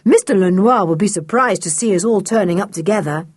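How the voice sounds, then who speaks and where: A woman voicing a sensible teenage boy who leads the group, brisk and matter-of-fact. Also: medium pitch, breathy edge, no echo, clean studio sound, lightly acted.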